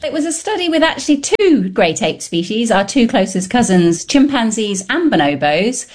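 A woman researcher answering interview questions, explaining her study in a lively, explanatory way. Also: a little high, moderate pace. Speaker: scientist guest.

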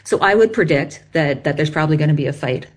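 A woman's voice: deep voice, lively intonation, fast. A woman researcher patiently explaining bird behavior step by step in an interview. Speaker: bird song researcher guest.

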